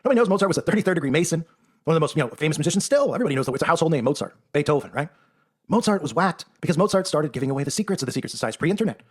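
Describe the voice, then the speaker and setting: A man's voice: a little high, lively intonation, racing, breathy edge. A man giving a sarcastic, emphatic monologue, often tagging his points with "right?". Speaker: online commentator. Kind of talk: rapid-fire monologue commentary.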